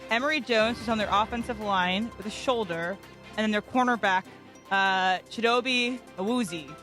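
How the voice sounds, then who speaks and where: A woman on a sports radio show reading out breaking news in a brisk, matter-of-fact way. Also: medium pitch, a bit bright, faint music behind.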